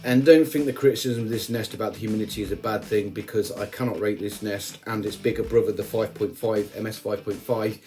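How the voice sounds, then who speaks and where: Man, low-ish voice, casual joking voice-over, faint music behind. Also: steady tone, fairly quick, few pauses, dark tone. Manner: chatty and joking, with frequent asides. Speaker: ant-keeping channel host.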